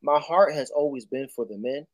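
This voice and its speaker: A man chatting as a guest on a video-call livestream, talking with many fillers and getting animated in quick bursts. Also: medium pitch, no echo. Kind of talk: casual chat.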